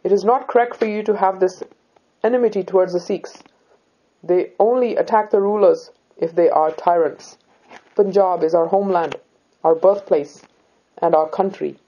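A woman reading the part of a brave young Sikh woman who speaks calmly, politely and firmly. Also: on the low side, normal speed, muffled recording, natural voice. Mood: resolute. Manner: calm, polite, firm.

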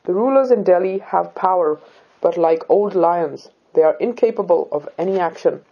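A woman voicing a calm, defiant young heroine. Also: fairly low pitch, moderate pace, breathy edge, lo-fi sound. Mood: resolute. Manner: calm, polite, firm.

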